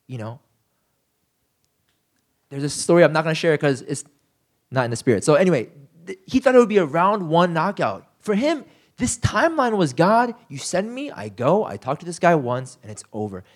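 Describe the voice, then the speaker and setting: Guy preaching a chill sermon, kinda high voice, super animated, tons of fillers. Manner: casual, animated storytelling with frequent fillers; acts out quoted lines in shifting voices. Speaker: pastor. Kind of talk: conversational sermon.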